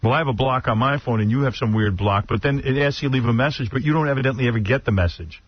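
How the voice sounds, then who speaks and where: Man, mid pitch, husky blunt radio host, muffled lo-fi sound. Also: racing, no echo. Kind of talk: casual talk radio banter. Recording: dull lo-fi radio broadcast.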